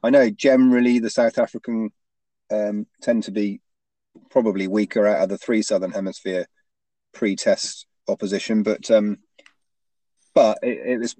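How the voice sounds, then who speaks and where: A man with a lowish voice talks in a hesitant way, stumbling over restarts and ending points with tag questions. The recording is dry, with no room sound. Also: warm tone, no echo. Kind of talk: casual rugby chat.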